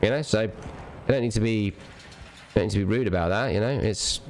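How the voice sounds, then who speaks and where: A man's voice: fairly low pitch, fairly quick, slight background noise. A young man streaming a game, ranting casually, profane and rambling with lots of restarts. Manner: rambling, profane, repeats himself.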